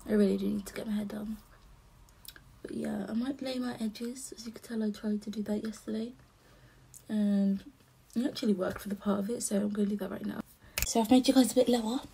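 Chatty young woman, gravelly. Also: medium pitch, little pitch movement, fairly quick, slight background noise. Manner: soft, often half-whispered, chatty. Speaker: vlogger. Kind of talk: casual chat while doing makeup.

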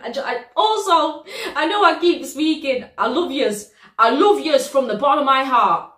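A British woman hosting a reaction video, talking in an excitable, slangy way and laughing easily. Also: sits high, roomy sound. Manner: slangy, animated, quick to laugh. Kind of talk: excitable casual reaction commentary.

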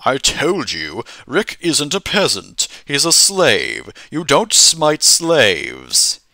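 A man voicing a smug, dismissive male lord in a text adventure game, speaking in slow, drawn-out lines. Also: medium pitch, huge pitch swings, pushed and bright, no echo, pitched above the performer's own voice, exaggerated voice.

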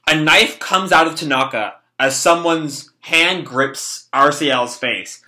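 A man's voice: a little high, slow, few pauses, sharp tone. A young man reading and reacting to a manga chapter in casual, rambling talk with swearing and lots of fillers.

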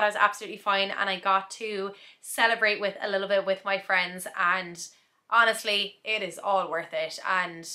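A woman's voice: mid-range voice, bright, forceful tone. A young woman chatting in a casual vlog, recapping her day in a reflective, talkative way with frequent laughs. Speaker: vlogger.

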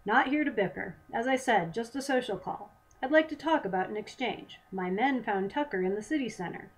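A woman's voice: a little high, expressive, brisk, low-quality recording. A woman voicing a scheming male lawman corporal who mocks and bargains slyly, read in a storybook reading. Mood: smug. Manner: mocking, sly bargaining.

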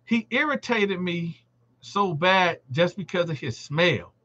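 Bright-voiced man telling a prison story. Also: high-pitched, takes it slowly, muffled recording. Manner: animated, acts out other inmates' quoted lines. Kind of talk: casual storytelling to a live audience.

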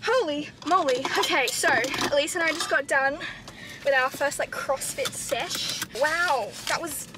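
A woman's voice: sits high, measured pace, background noise. A woman, chatting casually to camera in a vlog, bubbly and giggly with lots of filler words. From Australia. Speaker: vlogger.

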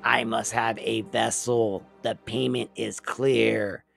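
A man voicing a growling demon that demands a vessel, speaking slowly. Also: on the low side, level tone, a bit bright, faint music behind, heavily acted. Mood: menacing. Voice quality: growling, slow and gravelly.

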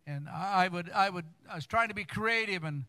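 An older man in his sixties preaches from the pulpit, his voice sitting a little high for a man. He tells family stories plainly, then climbs into fervent, emphatic exhortation with stumbling restarts. The sound is dry and close, with almost no room echo. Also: fairly quick, pushed and bright. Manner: storytelling, rising to fervent emphasis; stammering restarts. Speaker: guest preacher. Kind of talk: sermon. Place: church sanctuary.

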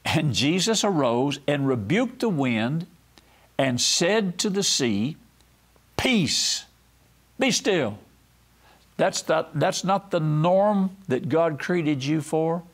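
A man's voice: on the high side, expressive, slow pace. A man preaching a televised sermon, telling folksy stories and acting out quoted voices. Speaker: pastor and TV host.

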